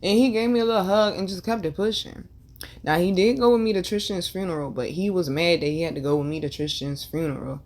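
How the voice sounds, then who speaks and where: A woman's voice: fairly low pitch, fast, darkish tone. A young woman vlogger telling a painful personal story candidly, with slang and swearing, and repeating lines for emphasis. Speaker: tarot and numerology vlogger.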